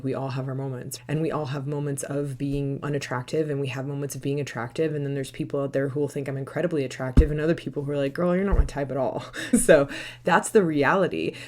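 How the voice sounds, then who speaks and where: A woman mindset coach as a podcast guest, talking fast and animatedly and laughing often. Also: low-pitched, darkish tone. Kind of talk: podcast interview.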